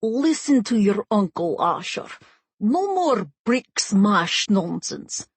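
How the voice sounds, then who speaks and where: A strict mother with a Russian accent lays down the law, as a woman reads her. She sounds firm and no-nonsense, with a husky, raspy voice. The audiobook recording is dry. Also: mid-range voice, sing-song, slow, no echo, exaggerated voice. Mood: stern. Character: stern Russian immigrant mother.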